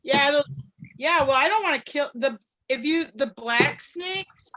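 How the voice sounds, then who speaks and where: A woman's voice: sits high, lively intonation, a little slow, fairly bright tone, highs cut off. A woman in a casual group video call, telling stories in a blunt, chatty way. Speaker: show regular.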